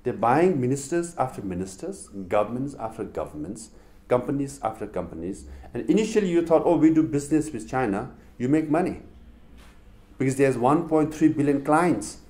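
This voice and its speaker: A middle-aged man with a Tibetan accent, giving a public talk to a university audience and telling stories with rhetorical questions. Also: a little high. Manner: animated storytelling with rhetorical questions. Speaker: public speaker.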